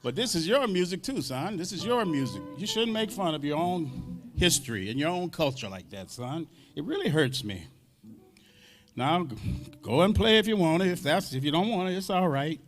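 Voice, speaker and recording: A man putting on an older bluesman bandleader, low, hushed and slow, who scolds a young bandmate like a father and keeps calling him son. The voice sits down in the chest, gentle but firm. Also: lively intonation, soft background music, close to an everyday voice. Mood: gently scolding.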